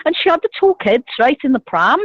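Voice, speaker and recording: A woman's voice: high voice, big pitch swings, a little fast, breathy edge, no echo, dull audio. A middle-aged woman, chatting and telling gossipy stories over the phone from a beer garden. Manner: storytelling with loud bursts of laughter. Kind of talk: casual chat.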